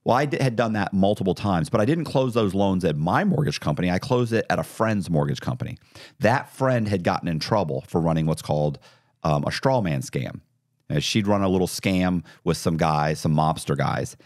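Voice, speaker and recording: A middle-aged man telling his story as a podcast guest, animated and acting out the dialogue. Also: deep voice, moderate pace, dry recording, clean studio sound. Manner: animated, acts out quoted dialogue. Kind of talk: casual storytelling interview.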